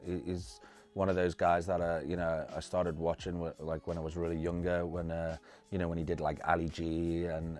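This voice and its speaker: A man's voice: low voice, darkish tone. A man from the United Kingdom, an actor and filmmaker, chatting easily in an interview with many fillers and restarts. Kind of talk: casual interview chat.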